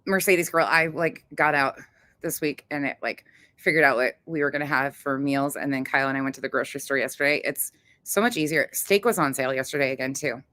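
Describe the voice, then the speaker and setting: A woman's voice: rumbling low, a little fast, a bit bright, dry recording. A woman hosting a casual cooking livestream, chatting with viewers in a blunt, chatty way, swearing freely and laughing often. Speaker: livestream host.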